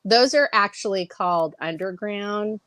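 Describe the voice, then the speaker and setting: A woman's voice: mid-range voice, unhurried, fairly bright tone, no room sound. A woman co-hosting a casual podcast, reading news aloud, teasing her co-host and laughing often.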